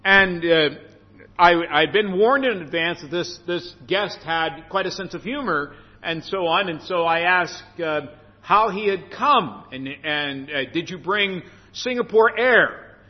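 A man preaching a sermon, slow and earnest, stressing phrases by repeating them. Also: high-pitched. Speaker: pastor. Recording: dull sound with long hall reverb.

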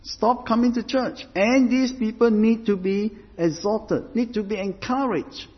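Preaching at an unhurried, deliberate pace, a fairly high-voiced man builds his sermon's points through repeated phrases. His words trail into a long hall reverb on a dull-sounding recording.

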